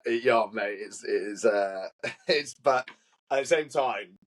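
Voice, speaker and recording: A man's voice: lowish voice, slow. A man from England co-hosting a podcast, laid-back and laughing in casual banter. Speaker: podcast co-host. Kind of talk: casual chat.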